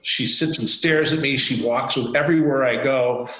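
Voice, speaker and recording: A man's voice: medium pitch, moderate pace, roomy sound, low-quality recording. A man, a company CEO, telling a story in an interview and acting out the quoted dialogue. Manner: animated, acts out quoted dialogue. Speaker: CEO guest. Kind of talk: anecdotal storytelling.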